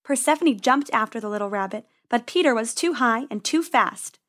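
A woman narrating a children's storybook in a gentle, expressive read-aloud manner. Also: a little high, normal speed.

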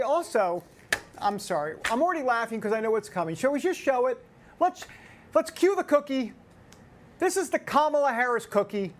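A male show host giving animated, opinionated news commentary, laughing and sounding mock-incredulous. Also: sits high.

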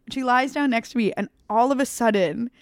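A woman's voice: fairly high pitch, brisk, dry recording, clean studio sound. A young woman, a comedian, telling a story in casual talk and acting out the voices in it. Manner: animated, acts out voices in her story. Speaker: comedian guest.

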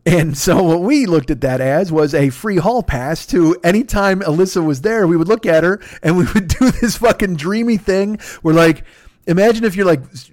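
A man's voice: high-pitched, darkish tone, no echo. Profane rambling man, dry sound. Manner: profane, rambling, self-mocking, many restarts. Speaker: podcast host. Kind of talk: casual storytelling monologue.

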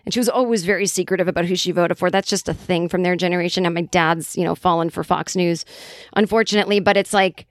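A woman's voice: lowish voice, fairly even intonation, fast, no echo, studio quality. A middle-aged woman from the Boston area, hosting a podcast and telling a rambling, casual story, swearing freely. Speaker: podcast host.

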